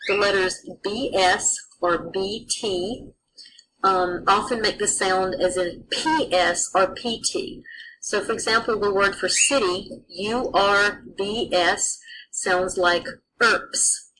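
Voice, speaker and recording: A woman's voice: medium pitch, fairly even intonation, takes it slowly, slight background noise, low-quality recording. A woman teaching a pronunciation lesson, carefully sounding out letters and example words.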